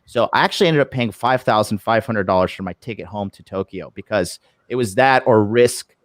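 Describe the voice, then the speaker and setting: Casual podcast guest, male, profane and animated storyteller, dry close sound. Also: fairly low pitch, fairly quick, dry recording. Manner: profane, animated retelling with acted quotes. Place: lives abroad in Japan.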